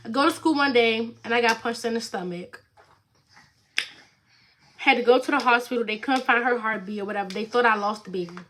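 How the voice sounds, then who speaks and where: A young woman tells a personal story straight to camera, rambling and chatty, leaning on "like" and "you know what I'm saying". Her voice sits a little high and rings bright and sharp. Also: a little fast, pauses often, slight background noise. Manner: chatty, rambling, lots of fillers and "like". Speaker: vlogger. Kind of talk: casual storytime.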